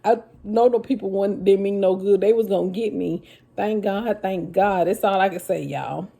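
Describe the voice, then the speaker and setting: A woman telling her own story to viewers in a casual, animated vlog. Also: medium pitch, normal speed, vocal fry. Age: adult with children. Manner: animated, addresses viewers as y'all, Southern US vernacular.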